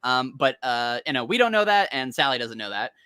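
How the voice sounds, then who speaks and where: A man's voice: medium pitch, a little fast, clear, resonant tone, dry recording, clean studio sound. A man co-hosting a podcast in casual chat. He tells stories with energy, acts out characters, and laughs often. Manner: animated storytelling, acts out characters. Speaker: podcast co-host.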